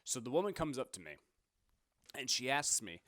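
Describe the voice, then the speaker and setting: A man's voice: mid-range voice, sing-song, normal speed, fairly bright tone, dry recording, studio quality. A young man hosting a talk show, telling a work story in a casual, rambling way and correcting himself as he goes. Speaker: podcast host.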